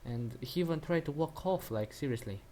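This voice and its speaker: A man's voice: fairly high pitch, lively intonation, brisk, dark tone, slight background noise. A man ranting in a crude, mocking and rambling way while he comments on a video, often restarting his sentences. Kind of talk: profane reaction rant.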